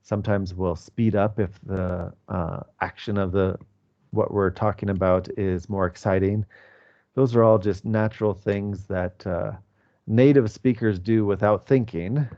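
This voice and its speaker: A man's voice: on the low side, steady tone, a little slow, mellow, lo-fi sound. A man in his forties teaching an online English class, patient and explanatory with many fillers. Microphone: video call.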